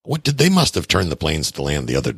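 Man, extremely deep voice, gravelly, husky, laid-back podcast host. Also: huge pitch swings, fast talker, a bit bright, no room sound, clean studio sound. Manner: laid-back, chuckles often. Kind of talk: casual podcast chat.

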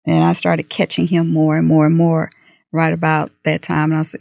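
Gravelly middle-aged woman telling her story. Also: low voice, normal speed, dry recording, clean studio sound. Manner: candid, animated retelling with acted-out dialogue. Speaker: guest. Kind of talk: personal storytelling in an interview.

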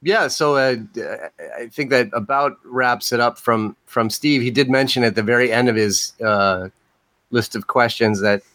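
A man's voice: mid-range voice, steady tone, moderate pace, fairly bright tone, no room sound. A man hosting a podcast, talking in an easygoing, hesitant way with many fillers. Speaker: podcast host. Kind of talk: casual chat.

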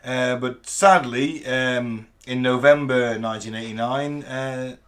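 British man, podcast co-host, crisp forceful tone, chatty, sweary, fact-telling. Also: medium pitch, fairly even intonation, slow pace. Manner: relays researched facts, chatty, joking, sweary. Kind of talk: casual chat.

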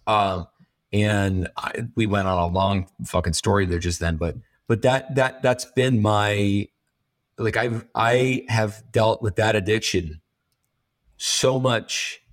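Here the entrepreneur guest has a lowish voice and speaks slowly. In this candid interview he rambles openly, curses freely, and repeatedly begins his sentences again.

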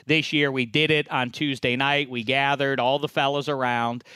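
A man hosting a casual sports chat, mock-pompous and given to sudden loud, excited announcing. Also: medium pitch, normal speed, smooth, dry recording, studio quality. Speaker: podcast host.

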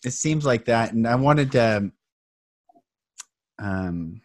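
A man's voice: medium pitch, expressive, slow, darkish tone, no room sound, clean studio sound. A man hosting a podcast interview, talking in an earnest, enthusiastic way with some hesitations. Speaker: podcast host. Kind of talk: conversational interview.

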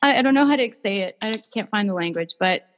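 A woman artist telling warm, gushing stories in a casual podcast chat, with many restarts. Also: medium pitch, animated, fast talker, noisy background. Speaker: painter, podcast guest. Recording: long hall reverb.

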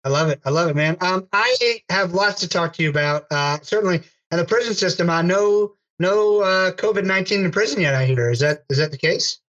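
A man's voice: high voice, brisk, few pauses, a bit bright, highs cut off. A man hosting a casual interview, friendly and loose, with some fillers. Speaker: host. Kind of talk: casual interview over video call.

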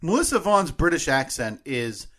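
A man co-hosts a podcast in relaxed, casual chat. He sounds earnest and quick to poke fun at himself, speaking in a somewhat higher register. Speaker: podcast co-host.

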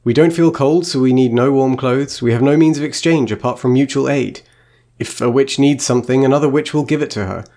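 A man's voice: mid-range voice, a little fast, few pauses, warm tone, close to an everyday voice. A man reading a centuries-old witch queen's lines aloud from a novel. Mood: calm, explaining. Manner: plain reading, no put-on accent. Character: ancient calm female witch queen.

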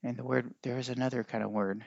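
A man's voice: medium pitch, little pitch movement, fast talker, vocal fry, a little mellow, no room sound, lo-fi sound. A man hosting a podcast, talking in a loose, musing way and wandering off to look things up as he goes. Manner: rambling and musing, looks things up mid-talk. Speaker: podcast host. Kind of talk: casual spoken podcast talk.

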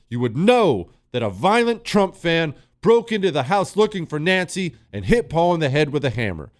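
A man hosting a political talk radio show, sarcastic and mocking, jumping between loud jabs and low asides. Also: very animated, normal speed, few pauses, dry recording, clean studio sound.

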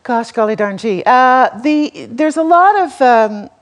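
Woman, theatre director, from Cape Breton, chatty and animated, full of restarts, onstage talk. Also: a little high, unhurried, muffled recording. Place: theatre stage before an audience.

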